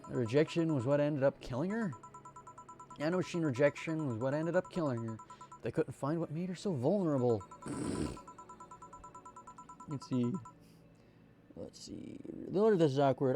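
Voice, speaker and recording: A streamer reading game dialogue aloud, stumbling and restarting now and then. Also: male voice, fairly high pitch, brisk, dark tone, soft background music.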